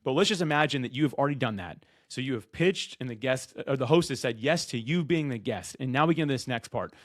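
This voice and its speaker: A man speaks straight to camera about how to be a good podcast guest. He talks loud and rapid-fire, slipping into quick impressions of guests and hosts. The sound is close and dry, with no room around it. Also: medium pitch, expressive, dry recording. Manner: loud and fast, acts out quoted guests and hosts. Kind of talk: energetic direct-to-camera advice talk.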